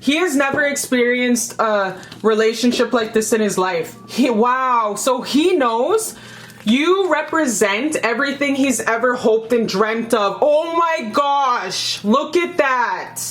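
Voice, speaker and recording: A woman's voice: fairly high pitch, animated, a little slow. A young woman giving a casual tarot reading to camera, chatty and emphatic, swearing freely and repeating phrases. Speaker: tarot reader.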